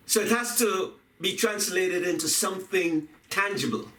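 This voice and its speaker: A man giving a reflective talk on poetry and music, speaking deliberately, repeating phrases and chanting rhythms aloud. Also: sits high, fairly bright tone. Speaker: video essayist on poetry and music. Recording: echoey room, voice from a distance.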